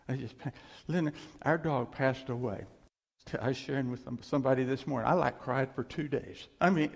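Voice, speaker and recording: An older man giving a casual, folksy sermon, chuckling often and teasing himself, with a gravelly voice. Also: mid-range voice. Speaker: preacher. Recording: reverberant hall.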